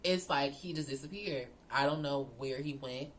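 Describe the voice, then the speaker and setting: A woman telling a storytime vlog, animated and profane, talking straight to her viewers. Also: rumbling low, normal speed, slight background noise. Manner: animated, profane, addresses viewers as girl and y'all. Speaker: storyteller vlogger.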